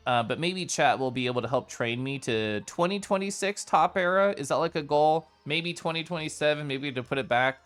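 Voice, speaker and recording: A man's voice: a little high, fairly quick, hardly any pauses, a bit bright, soft background music. A young man chatting casually on a live stream, answering his chat and laughing often.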